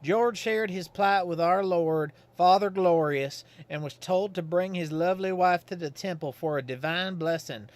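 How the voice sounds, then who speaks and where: Folksy rural game character, read aloud by a man; homespun country dialect, storyteller's drawl, raised pitch. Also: normal speed, few pauses, lightly acted. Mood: folksy, chatty. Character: simple folksy rural man, old Godfrey.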